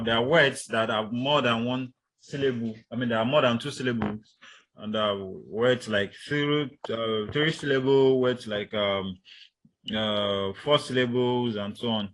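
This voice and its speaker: Halting male lecturer drilling stress. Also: on the low side, a bit bright. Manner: hesitant, many fillers and restarts, repeats words for drill. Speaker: instructor. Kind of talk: recorded lecture.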